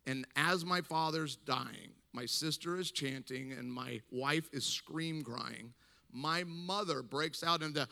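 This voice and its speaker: A man's voice: on the high side, unhurried, creaky, big-room sound. A man preaching to a congregation, telling a funny story and acting out the people in it. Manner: animated, acts out the people in his story. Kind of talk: humorous storytelling sermon.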